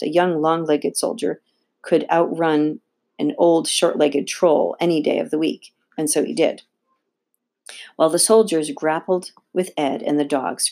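A woman reading a children's novel aloud with steady, expressive narration. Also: low-pitched, creaky. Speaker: audiobook reader. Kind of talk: read-aloud storybook narration.

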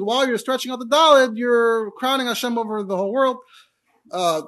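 Male Torah teacher. Talks fast and explains things with lots of asides. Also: very high voice, a bit bright. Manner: rapid, explanatory, full of fillers and asides. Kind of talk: Torah class on Hebrew pronunciation.

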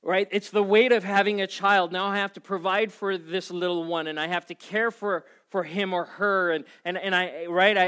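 Animated man preaching a story sermon. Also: high voice. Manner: animated storytelling, acting out his own panic. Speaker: pastor.

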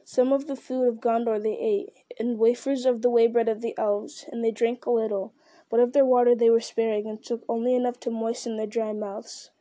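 A woman's voice: a little high, little pitch movement, a little fast, dark tone. A woman reading a story aloud, steadily, with the occasional restart. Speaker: reader.

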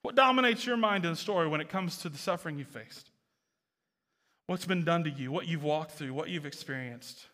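Bright, high-voiced impassioned preacher man. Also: brisk. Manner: earnest, builds to impassioned near-shouting. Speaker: pastor. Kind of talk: sermon.

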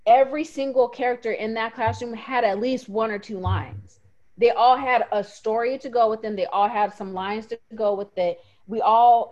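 A woman co-hosting a podcast, casually and emotionally retelling favorite moments with lots of fillers. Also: on the high side. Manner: animated, emotional storytelling with fillers. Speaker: podcast co-host. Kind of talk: casual chat. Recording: muffled lo-fi audio.

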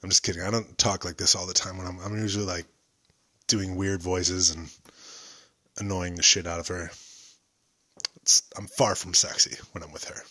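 A man's voice: deep voice, little pitch movement, normal speed, long pauses, bright, forceful tone. A young man hosting a solo podcast, rambling and joking about himself. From United States. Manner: joking, rambling, self-deprecating. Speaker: podcast host.

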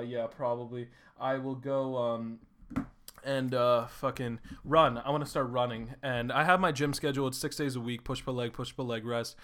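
A young man hosting a solo podcast who talks in an excited, rambling way, swears freely and fills his talk with "like". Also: medium pitch. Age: young adult. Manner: excitable, rambling, swears a lot, says "like" often. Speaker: podcast host. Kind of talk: casual solo podcast monologue.

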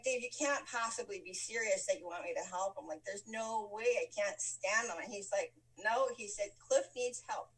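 A woman telling a personal story in a casual chat, laughing often and acting out the lines of people in it. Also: mid-range voice. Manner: lively, laughs often, acts out quoted lines. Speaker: guest telling a life story. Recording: voice from a distant mic.

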